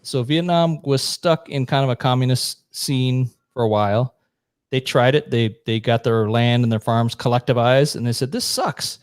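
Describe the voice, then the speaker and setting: A man's voice: medium pitch, moderate pace, darkish tone, clear, resonant tone, no echo, studio quality. A man co-hosting a talk show, explaining history at length in a blunt, profane, casual way. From United States. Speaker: podcast co-host. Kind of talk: casual chat.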